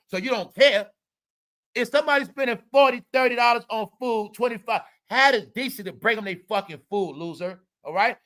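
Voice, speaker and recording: A man's voice: very high-pitched, fairly quick, a bit bright. A man hosting a livestream, ranting profanely about celebrity gossip and calling out viewers. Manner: profane, combative, repeats "all right" and "y'all". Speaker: livestream commentator.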